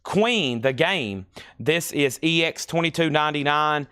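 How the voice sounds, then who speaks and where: A man hosts a live record sale, listing each album's condition and price in a steady patter broken by chatty asides. His voice is smooth and clear, and sits a little high for a man. The sound is close and dry. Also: measured pace, no echo.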